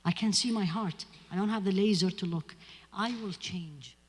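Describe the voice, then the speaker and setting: A woman's voice: medium pitch, moderate pace. A woman with a giving an earnest, emphatic lecture on spirituality in a mosque, talking straight to her audience. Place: mosque hall. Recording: husky voice in a reverberant hall.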